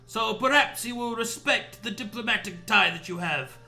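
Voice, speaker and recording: A man's voice: high-pitched, normal speed, creaky, sharp tone, faint music behind, heavily acted. A man voicing a sly, courteous male gator informant with a put-on French accent and theatrical manner. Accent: fake French.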